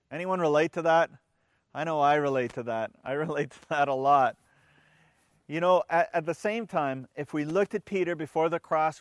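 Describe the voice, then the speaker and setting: Here a pastor speaks in a slightly high voice, recorded cleanly in a studio with no trace of room sound. Reading scripture as he preaches in a conversational style, he keeps restarting phrases and asking the congregation questions.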